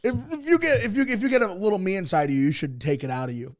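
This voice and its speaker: Brief: young male comic co-host, a bit high-pitched, crude, joking banter. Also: big pitch swings, rapid-fire. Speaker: podcast co-host. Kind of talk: casual comedic chat.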